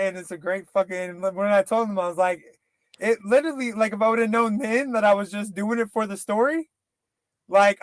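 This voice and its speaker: A young man telling crude stories in casual podcast banter, profane and animated, acting out quotes. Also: high voice, dry recording. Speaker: podcast co-host.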